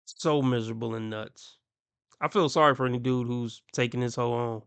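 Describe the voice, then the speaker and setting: A man's voice: mid-range voice, steady tone, normal speed, creaky, fairly bright tone, clean tone, no echo. A man ranting bluntly and crudely as he reacts to clips on his stream. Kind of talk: ranting commentary.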